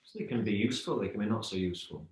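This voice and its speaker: A man's voice: lowish voice, very fast. A middle-aged man talking reflectively as a podcast guest, telling stories and analogies in a thoughtful way. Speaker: yoga teacher, podcast guest. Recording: roomy echo.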